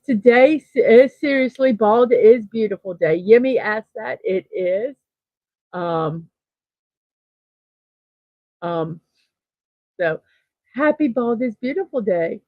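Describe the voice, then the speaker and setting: Slow, chatty woman hosting a morning stream. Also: on the high side, expressive, no room sound, muffled recording. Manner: slow, chatty, thinking aloud, with soft laughs. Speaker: host of a daily morning livestream. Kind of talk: casual livestream chat, reading chat messages.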